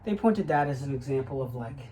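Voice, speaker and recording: A man's voice: medium pitch, expressive, brisk, warm tone, a little hiss or hum, rough recording. Rambling young man vlogging casually. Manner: rambling, with frequent fillers and profanity. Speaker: graduate student.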